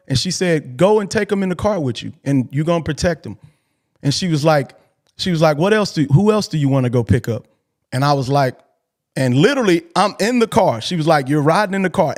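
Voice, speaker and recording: Nearly in tears, this Texas host recounts a personal story on a call-in show, speaking earnestly and casually and circling back over the same points. He has a higher-pitched, somewhat dark voice.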